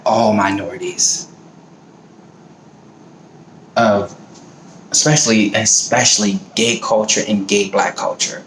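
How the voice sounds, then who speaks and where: A man's voice: lowish voice, a bit bright. A middle-aged man from the American South talking in a blunt, profane, fired-up casual monologue. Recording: roomy echo, faint background noise.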